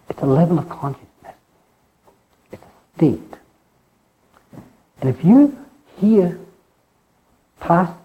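A man giving an informal spiritual talk in a rambling way, often tagging his lines with "eh?" and dropping soft and low on key words. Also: narrow, tinny audio. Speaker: spiritual teacher.

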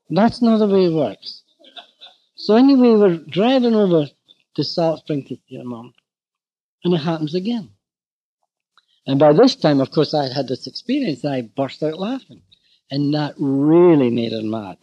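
A man giving a storytelling lecture to therapists, animated and anecdotal, acting out bits of dialogue. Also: a little high, moderate pace. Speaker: speaker addressing therapists. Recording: dull lo-fi recording.

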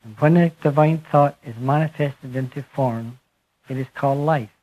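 A man giving a spiritual talk to a live audience, speaking slowly and emphatically and letting his phrases fall away softly. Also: mid-range voice, lo-fi sound. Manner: slow, emphatic, trailing off softly at phrase ends. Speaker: speaker addressing a group.

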